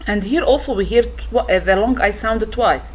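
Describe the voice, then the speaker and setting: A woman teacher walking students through a worksheet, explaining slowly and carefully with frequent pauses and restarts. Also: a little high, breathy edge. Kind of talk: worksheet walkthrough lesson.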